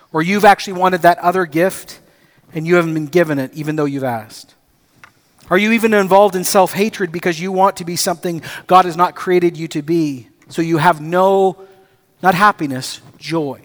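A man preaching a sermon as pastor, telling stories with acted-out dialogue and rising to excited emphasis. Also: high-pitched.

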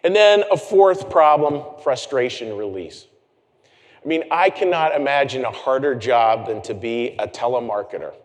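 Animated male pastor in a reverberant hall. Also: medium pitch, moderate pace. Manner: conversational, animated, with self-deprecating asides. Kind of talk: sermon. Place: church sanctuary.

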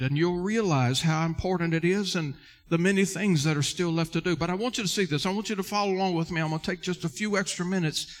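A male pastor preaching a sermon earnestly, addressing listeners directly and repeating key words for emphasis. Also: a little high.

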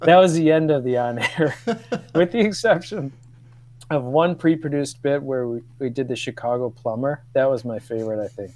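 A man in his fifties, a guest on a radio show, telling old stories with laughs and halting restarts. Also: medium pitch, darkish tone. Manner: storytelling, laughs often, hesitant restarts. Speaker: guest, former radio co-producer. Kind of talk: casual radio chat.

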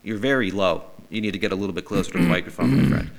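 A man's voice: fairly low pitch, racing, creaky. A middle-aged man hosting a casual comedy podcast, swearing freely and putting on mock outrage. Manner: profane, animated, mock-outraged. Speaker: podcast host.

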